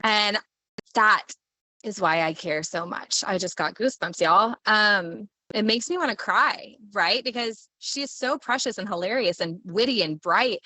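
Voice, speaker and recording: A woman's voice: mid-range voice, measured pace, sharp tone, dry recording. A woman hosting a live stream as a leadership coach, talking in a bubbly, enthusiastic, playful way. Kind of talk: casual motivational live talk.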